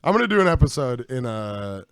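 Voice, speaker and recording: A man's voice: mid-range voice, big pitch swings, a little fast, creaky, smooth, no echo. Dry-sounding man rambling on a podcast. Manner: rambling, laughs often. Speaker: podcast host. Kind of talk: casual chat. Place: room in a house.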